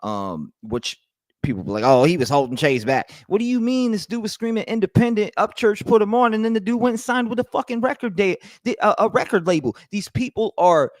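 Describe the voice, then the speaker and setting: Stream host, male, slightly high voice, angry rambling rant with swearing and restarts, dry room. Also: expressive, fairly quick, dry recording. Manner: heated, profane, rambling with many restarts; reads and answers chat messages. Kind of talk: ranting live stream commentary.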